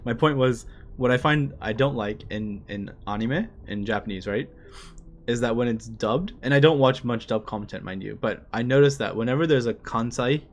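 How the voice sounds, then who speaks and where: A man's voice: mid-range voice, normal speed, faint music behind. A man reading a manga aloud on a live stream, chatting in a rambling, self-deprecating way with lots of fillers. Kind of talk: casual live-stream commentary.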